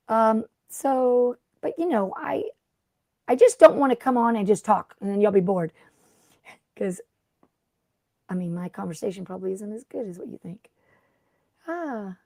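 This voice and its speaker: A chatty middle-aged woman with a lilt hosts a casual craft livestream. Her voice is mellow and warm, close and dry with no room sound. She rambles along and greets viewers by name. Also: on the high side, no echo. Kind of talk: casual live-stream chat.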